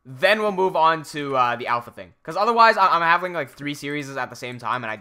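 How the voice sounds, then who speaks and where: Young guy from hong kong, american english accent, really bright voice, chatting on stream reading comments. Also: fairly high pitch, animated, fairly quick, smooth. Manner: chatty, reads viewer comments aloud. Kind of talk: casual livestream chat.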